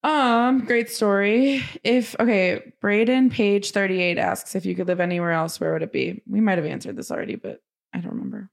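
A woman's voice: mid-range voice, normal speed, vocal fry. A woman co-hosting a podcast, playful and teasing, reading out listener questions. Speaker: podcast co-host.

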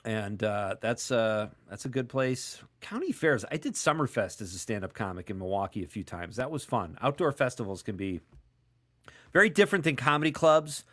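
A man's voice: mid-range voice, lively intonation, moderate pace, fairly bright tone. Talky radio host guy, jokey, reading out texts from listeners. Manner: chatty, joking, reads listener texts aloud. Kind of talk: casual call-in radio chat.

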